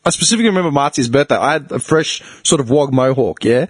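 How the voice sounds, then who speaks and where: A man's voice: mid-range voice, animated, slightly rough, dry recording. A man in his twenties with an Australian accent, a podcast host telling a rambling, sweary story in casual chat and acting out his relatives' lines. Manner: rambling, sweary, quick with fillers like "literally"; mimics relatives in quoted voices.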